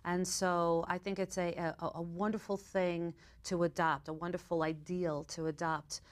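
A woman's voice: fairly low pitch, level tone, normal speed. A woman speaking as a guest on a TV panel discussion, thoughtful, with a few restarts. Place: TV studio.

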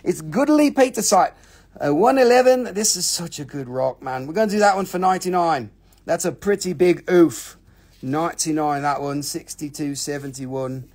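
Running a casual live sales stream for rocks, a man jokes around, swears freely and drops into playful fake accents. His voice is fairly high in pitch with a darkish tone, and he speaks at normal speed.

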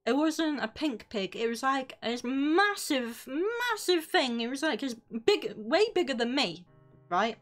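A woman's voice: high voice, expressive, unhurried, soft background music. A young British woman streamer telling a rambling, sweary story, often breaking off mid-sentence. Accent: British English. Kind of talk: casual storytelling on a live stream.

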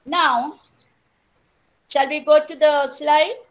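A woman with an Indian English accent giving an online lecture, telling a story slowly and putting questions to her audience. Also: sits high, steady tone, low-quality recording. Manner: measured, repeats phrases, asks the audience questions. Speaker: teacher educator giving an online talk.

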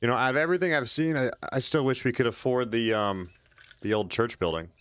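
A man's voice: medium pitch, a little fast, a bit bright, clear, resonant tone, no echo. A man casually commenting on his own gameplay on a live stream, chatting with viewers and making sarcastic asides.

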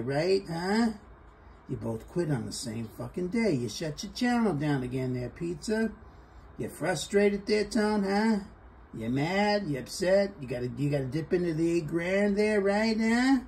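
A man's voice: medium pitch, mellow, a little hiss or hum. A middle-aged man, vlogging in a casual, mocking monologue, tacking "there" and "huh" onto his taunts.

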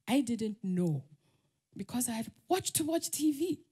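A Nigerian woman speaks at a summit, her fairly high voice leaping up and down as she tells stories. She laughs often and slips into the voices of the people she quotes. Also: sing-song, measured pace, dark tone, husky. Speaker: conference speaker. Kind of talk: conference talk with personal stories. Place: summit stage.

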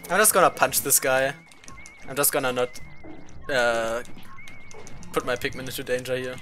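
A man's voice: medium pitch, steady tone, normal speed, sharp tone, soft background music. A man streaming a video game, chatting casually, swearing freely and laughing often. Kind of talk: casual gameplay commentary.

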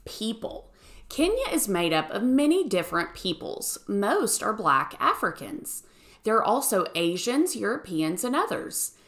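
A third grade teacher reads a picture book aloud to children. Her pitch moves in a lively, animated way around an ordinary middle register. The telling is expressive and clear. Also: unhurried. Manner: expressive storytelling.

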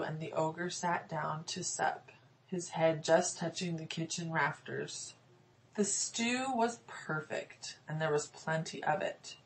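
A woman narrating a fairy-tale audiobook in a measured storytelling manner. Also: deep voice, slight background noise, poor audio. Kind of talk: scripted narration.

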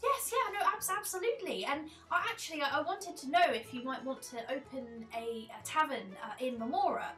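A man's voice: very high voice, expressive, brisk, few pauses, sharp tone, echoey room, distant mic, faint music behind, pitched above the performer's own voice, full character voice. A woman voicing an eager, stammering male king who is making a tavern keeper an offer. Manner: enthusiastic, stammering, grand.

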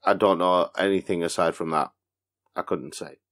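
A man's voice: low voice, fairly even intonation, normal speed, a bit bright. A man co-hosting a casual podcast, playful and mock-dramatic. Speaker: podcast producer and co-host. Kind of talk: casual chat.

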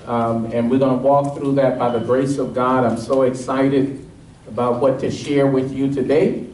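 A man's voice: moderate pace, slight background noise. A man preaching a sermon as pastor, quizzing his congregation call-and-response style and pressing his points with rising energy. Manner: energetic and emphatic, rising in pitch as he drives points home. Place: church sanctuary. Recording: echoey room, mic at a distance.

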